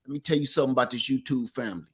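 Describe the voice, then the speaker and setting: A middle-aged man with an East Texas accent, co-hosting a livestream and telling stories in animated, folksy casual chat. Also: medium pitch, racing, breathy edge. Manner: animated storyteller, folksy Southern talk. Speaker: livestream co-host.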